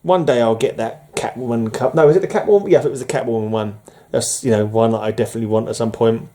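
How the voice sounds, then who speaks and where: Male comic collector vlogging from home; mellow, rambling, chatty. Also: mid-range voice, fast. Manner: rambling, chuckling, many fillers. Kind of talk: casual chat showing comics. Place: room at home under fluorescent light.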